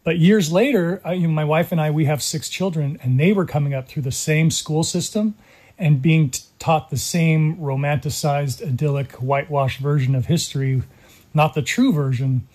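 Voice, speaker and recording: A middle-aged man from California, telling his story in an earnest, measured way as an interview guest. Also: on the high side, a little mellow. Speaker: guest, documentary creator. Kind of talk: interview conversation.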